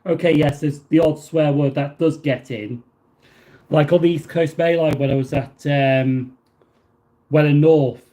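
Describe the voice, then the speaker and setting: His voice is a little high and dark in tone, fairly even in intonation and slightly slow. As host of a casual livestream, he reads viewer messages aloud and responds rambling, often restarting and leaning on fillers.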